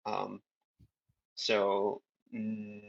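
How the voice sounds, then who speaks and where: Man, game master, hesitant, flat low voice, dull lo-fi sound. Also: very slow, creaky. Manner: hesitant, lots of um and like. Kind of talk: narrating a tabletop game.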